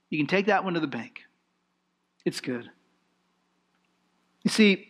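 High-voiced animated preaching man. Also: a little slow, pauses often. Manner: animated, emphatic preaching with rhetorical questions. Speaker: pastor. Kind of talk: sermon.

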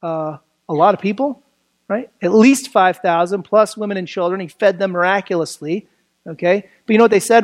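A preacher giving a sermon that explains a Bible passage in a conversational way, asking rhetorical questions and swinging between emphatic lines and quiet, dropped phrases. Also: mid-range voice, moderate pace.

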